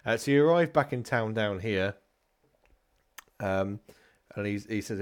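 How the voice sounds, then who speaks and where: A man running a tabletop game in a relaxed, chatty way, laughing often. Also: lowish voice, measured pace, pauses often, clear, resonant tone. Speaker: game master.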